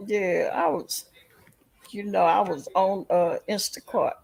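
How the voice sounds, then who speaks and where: A woman hosts a casual livestream chat in an unhurried, gravelly voice. She rambles through her story at an easy pace and keeps stopping to greet her viewers. Her tone is a little husky. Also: medium pitch, fairly even intonation, a little mellow, rough recording. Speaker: livestream host.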